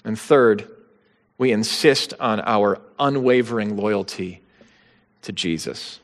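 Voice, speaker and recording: A man preaching a sermon in an earnest, emphatic way, pressing his stresses higher as he drives points home. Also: slow pace. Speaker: pastor. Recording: long hall reverb.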